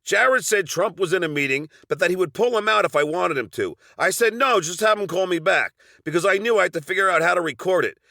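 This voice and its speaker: A man's voice: high-pitched, lively intonation, fast, vocal fry, few pauses, pushed and bright, dry recording, clean studio sound. A middle-aged man with a Long Island accent narrating a personal story from a script, with wry, sardonic asides.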